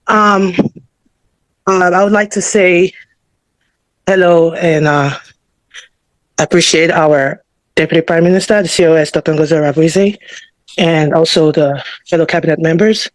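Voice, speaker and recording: A man's voice: on the high side, fairly even intonation, unhurried, pauses often, dry recording, low-quality recording. A man out of breath, giving rambling prepared remarks as an official on an online call, with fillers and self-corrections. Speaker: government department official. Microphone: online call audio.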